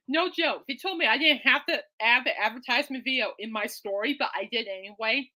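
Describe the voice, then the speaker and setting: A woman's voice: on the high side, fairly quick, pushed and bright. A woman hosting a podcast in casual, rambling chat, giggly and reacting to listener comments. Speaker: podcast host.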